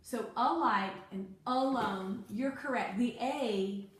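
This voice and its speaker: Brief: woman tutor, higher voice, patient, drags out key words; very echoey room with faint hiss. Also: takes it slowly. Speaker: teacher. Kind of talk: one-on-one phonics lesson.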